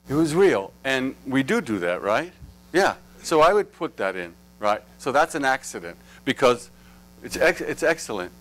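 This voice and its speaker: A man's voice: mid-range voice, fairly bright tone, poor audio. A man coaching actors in a live acting workshop, playful, coaxing and freely profane as he talks to performers and the audience. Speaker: acting teacher.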